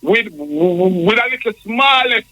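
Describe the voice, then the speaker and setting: A man's voice: sits high, lively intonation, takes it slowly, sharp tone, rough recording. A man with a Jamaican accent calling a radio show, preachy and rambling, repeating himself. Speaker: caller. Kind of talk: preachy call-in monologue.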